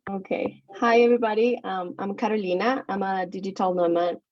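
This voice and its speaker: A woman's voice: mid-range voice, brisk, no echo. An upbeat Colombian woman introduces herself and outlines the plan. The sound is dry and close, with dull, lo-fi call audio. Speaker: co-host. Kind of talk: casual webinar intro.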